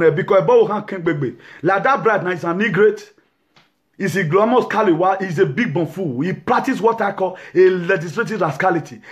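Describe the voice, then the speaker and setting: A man's voice: high-pitched, fairly bright tone. A man, lecturing and ranting to camera as an activist host, mixing English with Yoruba and pidgin. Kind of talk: impassioned talk to camera.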